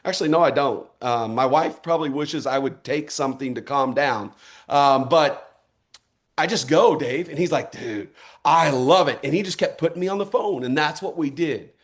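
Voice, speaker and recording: Middle-aged American man, fired-up motivational speaker, fairly high voice, punchy rallying delivery. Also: moderate pace. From United States. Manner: fired-up, punchy, rallying, with repeated short calls to action. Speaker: motivational speaker at a network marketing event. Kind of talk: energetic motivational speech.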